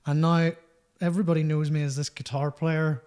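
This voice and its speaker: A man's voice: a little high, flat delivery, brisk, darkish tone, clean tone. A man, a musician telling rambling, self-mocking stories as a podcast guest. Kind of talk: storytelling podcast chat.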